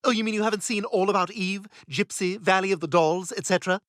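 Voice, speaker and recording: A man's voice: sits high, fast talker, a bit bright, no echo, clean studio sound. An actor voicing a snobbish, catty toddler boy who talks in a pompous, sarcastic way. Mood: smug.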